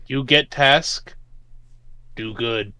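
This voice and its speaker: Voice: medium pitch, extremely slow, sharp tone, smooth, no room sound. A player voicing a humble, dim-witted male brute who talks in broken, simple phrases. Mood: dull.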